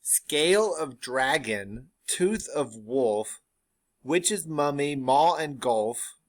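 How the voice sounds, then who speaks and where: Chanting witches at a cauldron, read by a man in a slow, drawn-out recitation of verse, with the voice rising and swelling on the louder lines. The delivery is deliberate and rhythmic, lingering on each word. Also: mid-range voice, expressive. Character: three chanting witches in a cavern.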